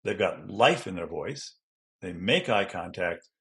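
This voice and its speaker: A middle-aged man, an educational consultant, answering interview questions in an animated way and acting out classroom examples. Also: sits low, a little slow, vocal fry. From Denver, Colorado.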